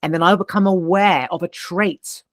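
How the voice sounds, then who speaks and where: A man's voice: sits high, normal speed, dry recording, clean studio sound. A man hosting a podcast, telling a personal story in an intense, emphatic way and swearing now and then. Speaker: podcast host. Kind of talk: casual conversation.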